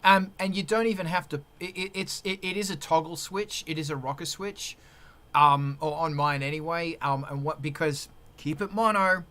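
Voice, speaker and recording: Brief: male musician host, bright tone, excitable rambling chat. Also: a little high, moderate pace. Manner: animated, rambling, excitable, teasing. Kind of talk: casual live-stream chat.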